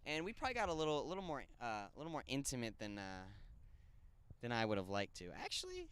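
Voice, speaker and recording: Animated young man telling a story. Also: medium pitch, quick pace, smooth. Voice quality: crude, joking banter. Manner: animated, swings from loud to mumbled asides. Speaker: podcast co-host. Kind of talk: casual storytelling chat.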